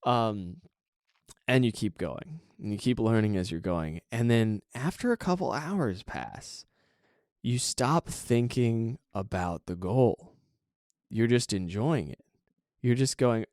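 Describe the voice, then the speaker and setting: Male podcast host, casual rambling storyteller, low voice, dry close sound. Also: expressive, unhurried, a little mellow, dry recording. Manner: rambling, chatty, with many fillers and asides.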